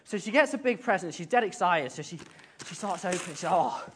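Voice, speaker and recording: Chatty high-voiced man leading church. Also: lively intonation, fast, a bit bright, a little hiss or hum. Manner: chatty, hesitant, with many ums and playful asides. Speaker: service leader. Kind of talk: informal all-age church talk. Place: church service with congregation.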